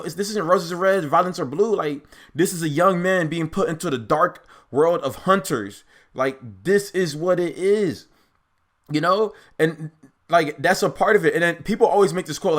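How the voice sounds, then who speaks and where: Young male reaction host, higher-pitched voice, casual unscripted talk, rambling and argumentative, heavy on fillers. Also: a bit bright. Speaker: anime reaction commentator.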